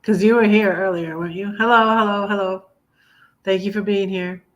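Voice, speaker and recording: A middle-aged woman hosting a live stream, chatting casually and reading her own poems in a halting, heartfelt way with many ums and restarts. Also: medium pitch, steady tone, muffled recording. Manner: halting, full of ums and restarts, soft laughs; heartfelt, gets emotional while reading. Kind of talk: casual livestream chat and poetry reading.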